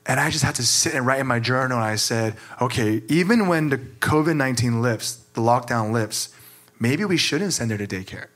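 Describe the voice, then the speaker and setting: A man's voice: mid-range voice, animated, normal speed, fairly bright tone. A man who is a pastor, sharing candidly and with emotion, filling his talk with "like". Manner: earnest, emotional, many "like" fillers.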